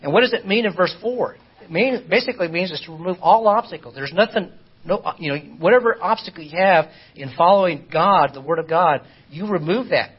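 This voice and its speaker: A man teaching an informal Bible study lesson, halting and repeating words as he asks his class rhetorical questions. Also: high-pitched, breathy edge. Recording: dull lo-fi recording.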